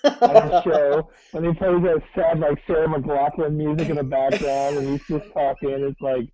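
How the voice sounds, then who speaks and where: A man's voice: a little high, flat delivery, normal speed, a loud crowd, low-quality recording. A man co-hosting a casual sports talk show, blunt and wry, swearing casually. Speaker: sports podcast co-host.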